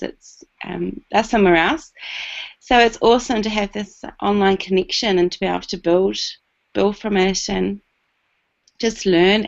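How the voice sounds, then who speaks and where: A woman's voice: medium pitch, gravelly. A woman with a New Zealand accent chatting casually on a video call, a little hesitant with many fillers. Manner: warm, slightly hesitant with fillers. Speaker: new team member. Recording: dull lo-fi video call audio.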